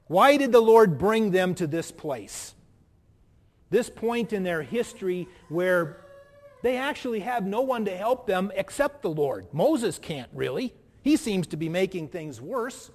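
A pastor preaches a sermon with emphatic pauses and rhetorical questions. His voice sits high for a man. It rings with the long reverb of a large hall. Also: expressive.

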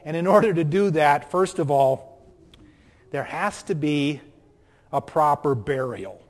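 A man's voice: on the high side, animated, a little slow, big-room sound. A man with a Minnesota accent preaching a sermon as pastor, earnest and building to strong emphasis. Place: church.

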